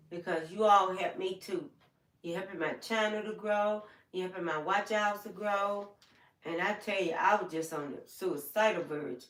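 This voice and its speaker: An older woman hosting a livestream tells her personal story in a heartfelt, plain-spoken, repetitive way. Her voice is on the low side with a fairly bright tone, and she sits away from the mic in an echoey room.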